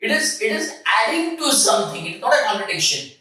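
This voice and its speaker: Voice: medium pitch, sing-song, fairly quick, bright, forceful tone. A test prep teacher explaining reading questions in a classroom style, emphatic, repeating key points and asking rhetorical questions. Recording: echoey room, mic far off.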